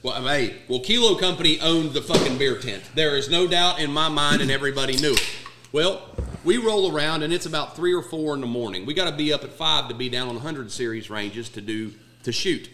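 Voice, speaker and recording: A man's voice: a little high, fairly quick, background noise. A man who served as a Marine staff sergeant, telling a long war story in a casual chat and swearing freely. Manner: profane, laid-back storyteller. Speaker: former Marine platoon sergeant.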